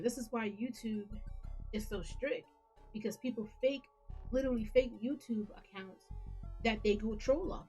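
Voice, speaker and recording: A woman's voice: medium pitch, normal speed, warm tone, faint music behind. A woman hosting her own gaming channel, talking to camera in a casual, earnest, rambling way with many restarts.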